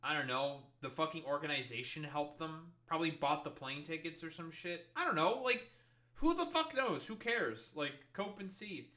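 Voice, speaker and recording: Sharp-voiced sarcastic young man streaming. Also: on the high side, expressive, moderate pace. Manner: profane, sarcastic and incredulous. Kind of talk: livestream reaction commentary.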